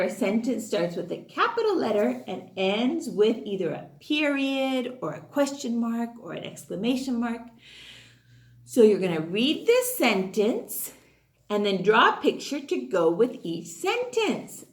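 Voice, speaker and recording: A woman teaching a phonics lesson to young children in an animated, sing-song teacher voice, drawing out her words. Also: on the high side. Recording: echoey room.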